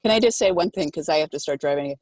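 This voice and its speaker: A woman in a class eagerly cutting in over a video call, talking in an animated way. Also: sits low, fast, dry recording. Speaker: class participant.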